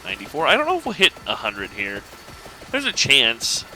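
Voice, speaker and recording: A man casually commenting on his own gameplay, thinking aloud in a relaxed, rambling way. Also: medium pitch, moderate pace, slight background noise, poor audio. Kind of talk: casual let's-play commentary.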